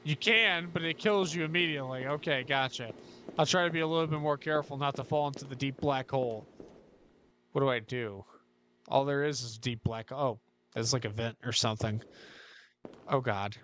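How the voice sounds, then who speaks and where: A man playing a horror game and commenting on it, frustrated and swearing as he rants, his voice getting hoarse. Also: mid-range voice, moderate pace, pushed and bright, a little hiss or hum. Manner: frustrated, swears a lot, ranting. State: losing his voice. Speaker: gaming YouTuber. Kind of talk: let's play commentary.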